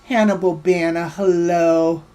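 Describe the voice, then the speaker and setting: A woman's voice: fairly low pitch, steady tone, a little slow, dark tone, soft background music. A woman hosting a livestream, ranting heatedly and swearing while greeting viewers in her chat by name. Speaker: livestream host.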